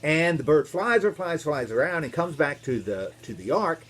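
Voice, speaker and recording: Man, minister, kids' storytelling, very lively intonation, slightly high voice, playful. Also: moderate pace, a little hiss or hum. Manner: animated, playful, asks kids questions, makes animal noises. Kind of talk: storytelling for children.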